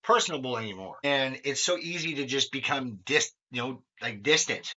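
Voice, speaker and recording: Man, podcast host, candid rambling chat, swears a lot, bright tone, dull lo-fi sound. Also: mid-range voice, lively intonation, moderate pace. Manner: rambling, swears often, lots of fillers.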